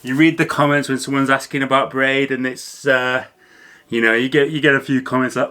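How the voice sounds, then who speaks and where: A man's voice: mid-range voice, flat delivery, a little fast, pushed and bright, clean tone. A man hosting a fishing channel, explaining gear in a chatty, casual way to camera. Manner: chatty, loose with fillers and restarts. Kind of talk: casual educational talk to camera.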